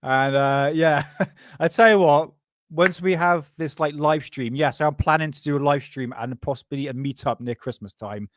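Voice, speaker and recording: A man's voice: a little high, normal speed, a little hiss or hum. A man hosting a live stream, chatting in a rambling, loose way with frequent swearing and laughter while stoned. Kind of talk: casual live-stream chat.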